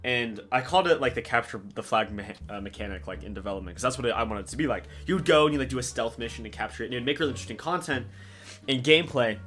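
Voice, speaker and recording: A young man hosts a loose, chatty gaming podcast. He rambles and swears between laughs, his pitch sitting in the middle. Faint music plays behind him. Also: very fast, a bit bright. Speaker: podcast host and game organizer. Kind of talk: casual podcast chat.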